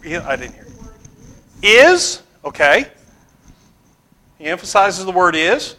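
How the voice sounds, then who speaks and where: A man teaching a Bible class, putting questions to the students and pausing with fillers. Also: high-pitched, sing-song, pushed and bright.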